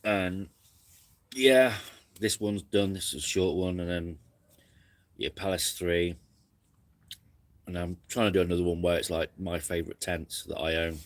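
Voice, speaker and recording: A man's voice: sits low, a little slow, long pauses. A man hosting a casual camping live stream, rambling and reflective, snacking between sentences.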